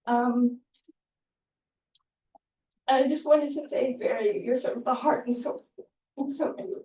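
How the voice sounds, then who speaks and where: A woman speaking at an academic conference, giving a halting, heartfelt tribute with many fillers, recorded in a lecture room. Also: high-pitched, fairly even intonation, warm tone. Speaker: invited speaker. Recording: echoey room, distant mic.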